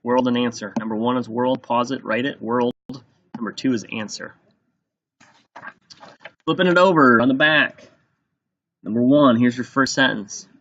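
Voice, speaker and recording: A male teacher slowly dictating a spelling test, sounding out each word and repeating it for young students. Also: mid-range voice, a bit bright. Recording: dull lo-fi recording.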